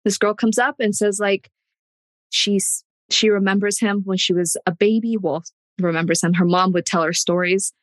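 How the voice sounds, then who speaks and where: A woman's voice: mid-range voice, steady tone, normal speed, no echo, clean studio sound. A woman in casual podcast chat, telling stories earnestly.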